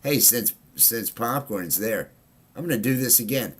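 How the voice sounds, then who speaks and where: A man's voice: mid-range voice, expressive, moderate pace, a little hiss or hum. A man hosting a casual livestream chat, rambling with many fillers and restarts. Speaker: livestream host.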